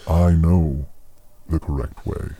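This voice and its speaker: A man voicing an ancient male elf spirit, courteous and quietly menacing, with a deep gravelly voice. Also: fairly even intonation, slow pace, no echo, heavily acted. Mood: smug.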